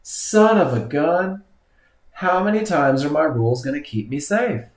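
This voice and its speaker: Male trading instructor, excitable live commentary, higher voice, roomy echo. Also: unhurried. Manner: excitable, exclaiming at the charts.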